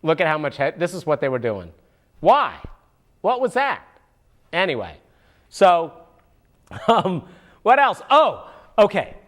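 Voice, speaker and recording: A man doing a goofy, high-pitched monkey puppet. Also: wildly swooping pitch, slow, pauses often, fairly bright tone, exaggerated voice. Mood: mocking. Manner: goofy, mocking, with sudden whooping outbursts. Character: wisecracking male monkey puppet pundit. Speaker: puppet show host. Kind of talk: comic puppet political commentary.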